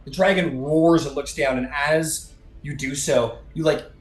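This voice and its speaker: A man's voice: a little high, fairly even intonation, a little slow, echoey room, poor audio. A man running a tabletop game as game master, narrating loosely with lots of fillers and the odd swear.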